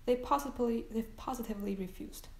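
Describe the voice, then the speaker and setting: A woman's voice: a little high, a little fast, roomy sound, close to an everyday voice. Woman reading as an earnest young soldier. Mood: pleading. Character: earnest young male soldier, loyal and anxious.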